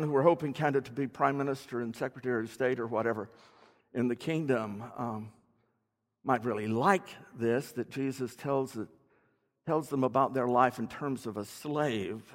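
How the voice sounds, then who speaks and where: A man giving a teaching sermon in a conversational way, explaining words and asking his listeners questions. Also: medium pitch. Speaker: preacher. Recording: long hall reverb.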